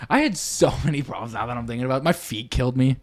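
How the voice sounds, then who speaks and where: A man's voice: mid-range voice, very fast. A young man on a podcast, telling a rambling story in casual chat, full of slang and swearing. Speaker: podcast co-host.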